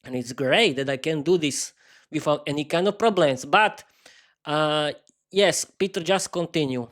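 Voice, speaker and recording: A man's voice: fairly high pitch, measured pace, a bit bright. Rambling self-mocking man streaming solo. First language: not English. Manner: rambling, many restarts and repeated words; earnest and self-mocking, often laughing at himself. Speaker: podcast host.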